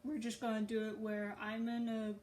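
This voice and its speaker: A woman's voice: a little high, completely flat delivery, moderate pace, darkish tone, rough recording. A young adult woman chatting casually to viewers in a rambling, offhand way. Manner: rambling, chatty, laughs at herself. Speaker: online writer and video creator. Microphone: phone.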